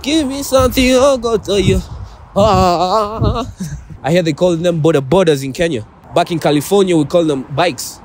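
A man's voice: high-pitched, normal speed, a little hiss or hum, lightly acted. A man putting on a swaggering American country drawl. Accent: put-on American country. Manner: swaggering, boastful slang. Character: brash young American country-accented man.

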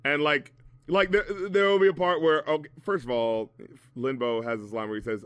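A man with a somewhat high voice rants through a rap album review, profane and mocking. The sound is close and dry, with no room around it. He talks in a loose, casual podcast chat. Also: normal speed, clean tone, no echo. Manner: profane, mocking, animated ranting.

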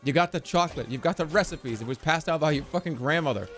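A man streaming a game, talking in an excitable, joking, profane way. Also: on the high side, quick pace, hardly any pauses, soft background music. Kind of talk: casual gameplay commentary.

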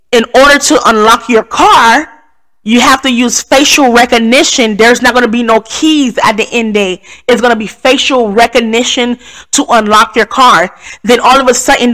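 A woman's voice: fairly high pitch, a bit bright. Earnest woman telling a testimony. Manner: earnest, repetitive retelling of a dream. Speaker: guest sharing a testimony. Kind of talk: personal testimony, storytelling.

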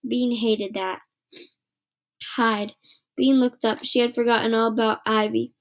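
A woman reading a children's book aloud in plain, steady storytelling. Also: a little high, measured pace. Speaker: reader.

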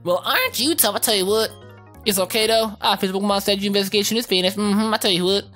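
A man's voice: sits high, quick pace, bright, forceful tone, faint music behind, pitched above the performer's own voice. A man voicing a sassy female villain commander from a video game, giving her a put-on American Southern drawl in a teasing, exaggerated way. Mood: smug.

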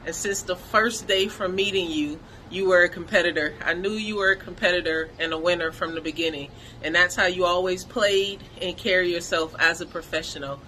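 A woman sending a relaxed, friendly video message. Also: on the low side, a little fast, few pauses, slight background noise, low-quality recording.

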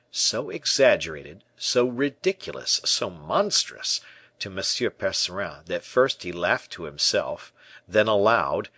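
A man narrating an audiobook in an expressive storytelling manner. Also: low voice, no echo. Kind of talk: scripted narration.

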